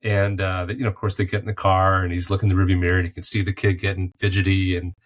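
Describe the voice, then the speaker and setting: A deep-voiced man speaks as a podcast guest, thoughtful and unhurried in tone. He builds his answers around golf and faith analogies, reflecting in a casual, conversational way. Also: flat delivery. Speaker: podcast guest, former golf pro turned artist.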